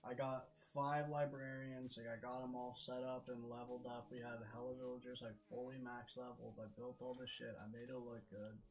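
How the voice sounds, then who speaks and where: A man's voice: mid-range voice, little pitch movement, fairly quick, hardly any pauses, low-quality recording. A young man streaming a game, telling a frustrated story in a casual, swear-heavy rant. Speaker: gaming streamer. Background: background music.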